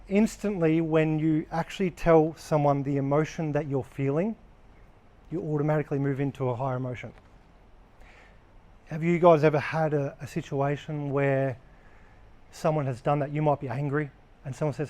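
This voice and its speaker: A man's voice: fairly high pitch, steady tone, a little fast, pauses often, darkish tone. A man giving a casual training talk to a live group of workers, blunt and conversational, swearing freely as he explains. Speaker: workplace trainer.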